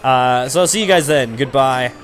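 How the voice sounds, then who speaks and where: A man's voice: medium pitch, normal speed. A young man from Canada giving rambling, casual commentary while playing a video game, filling his talk with "like" and the odd swear word. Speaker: let's play commentator. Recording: faint game music behind.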